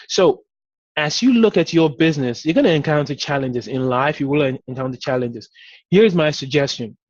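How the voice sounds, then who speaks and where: A man's voice: fairly high pitch, dry recording, highs cut off. A man giving a motivational talk as a business coach, speaking conversationally and encouragingly with frequent "you know" fillers.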